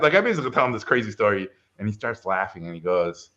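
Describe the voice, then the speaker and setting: The same sort of scene: a middle-aged director shares a personal anecdote in a relaxed interview, animatedly voicing the characters. He talks quickly in a fairly low pitch with few pauses. Sound quality is dull and lo-fi.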